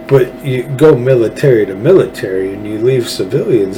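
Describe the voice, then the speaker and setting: A man's voice: medium pitch, animated, fairly quick, few pauses, warm tone, slight background noise, low-quality recording. A man with a Texan accent hosting a political commentary show, talking in a folksy, fervent, rambling way with frequent restarts. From Texas. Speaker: show host.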